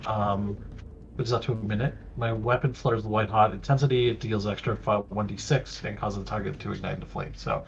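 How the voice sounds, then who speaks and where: A man's voice: on the low side, steady tone, fairly quick, creaky, dull audio, slight background noise. A man playing a tabletop game, casual, groaning at mishaps and checking rules aloud. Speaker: player.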